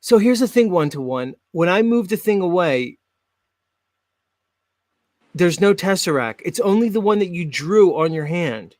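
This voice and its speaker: A man with a South Philadelphia accent hosting a casual online chat, excitable and swearing freely, laughing often. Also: high voice, a little slow, long pauses, no room sound. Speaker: podcast host.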